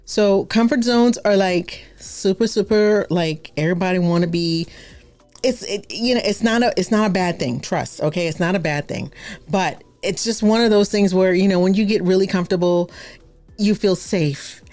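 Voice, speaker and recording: A woman hosting a live stream as a branding coach, bubbly and exclamatory, full of slangy asides and repeated excited exclamations. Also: mid-range voice, normal speed, soft background music.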